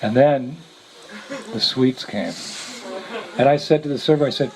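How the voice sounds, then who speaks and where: A man's voice: medium pitch, normal speed, long pauses. A man, a visiting monk, telling a story to a gathering, chuckling often as he speaks. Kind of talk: storytelling talk. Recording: noisy lecture recording.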